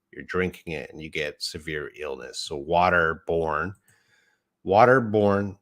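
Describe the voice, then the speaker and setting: A deep-voiced man teaches English live online, going slowly through each word. He sounds middle-aged and patient, and he stops to correct himself before moving on. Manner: patient, explains words step by step, corrects himself.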